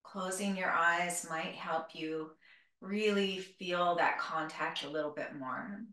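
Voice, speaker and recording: A woman teaching a live group yoga class, giving calm, gentle cues and a little out of breath. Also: on the low side, slow. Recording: roomy, from a distance.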